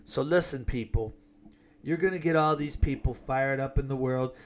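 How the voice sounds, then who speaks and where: A man's voice: medium pitch, moderate pace. A man delivering an emphatic, rambling political monologue with sarcastic asides. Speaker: political commentator.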